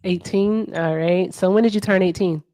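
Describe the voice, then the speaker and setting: A woman with a fairly low, mellow voice hosts a casual livestream, quizzing callers in a blunt, teasing way and talking straight to her viewers. Her intonation stays fairly even at a normal speed, and the recording is dry and studio quality.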